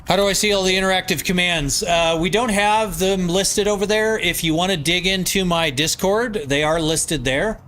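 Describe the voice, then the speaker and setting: A man's voice: sits high, moderate pace, few pauses, fairly bright tone, a little hiss or hum. A man with a nasal voice, live-streaming from his home basement, reading viewer comments aloud and answering in loose, rambling casual chat.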